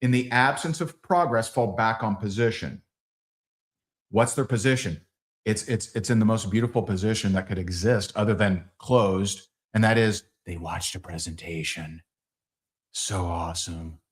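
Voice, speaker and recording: A middle-aged man leading a live sales training, acting out conversations with big swings in his voice. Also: normal speed. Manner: animated, acts out dialogues with big pitch swings.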